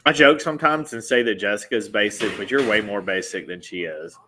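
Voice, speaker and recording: A man's voice: on the low side, brisk, bright, forceful tone, a little hiss or hum. A man hosting a casual football watch-along, teasing his friend. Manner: joking, teasing banter. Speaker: livestream host.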